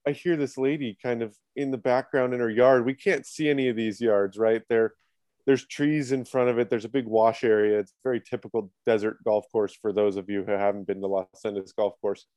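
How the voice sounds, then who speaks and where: A man chats as a podcast guest, spinning a self-deprecating story at an easy, mid-pitched level. The sound is dry and close, with no room around him. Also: fairly even intonation, fairly quick, mellow, no echo. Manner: laid-back, self-mocking storyteller. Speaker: podcast guest, head of production. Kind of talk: casual chat, storytelling.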